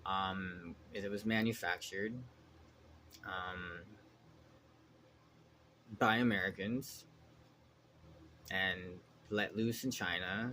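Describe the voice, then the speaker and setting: Man, low-pitched, ranting monologue, heavy profanity, restless restarts, faint background hiss. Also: fairly bright tone. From Canada. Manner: agitated, swears constantly, trails off and restarts. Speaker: vlogger. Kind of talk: rambling monologue.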